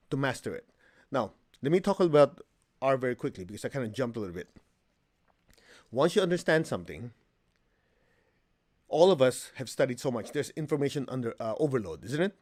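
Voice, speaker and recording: Male meditation teacher, animated class talk, humorous and direct. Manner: animated storyteller, acts out quotes with high pitch jumps; plain-spoken, humorous, asks the class questions.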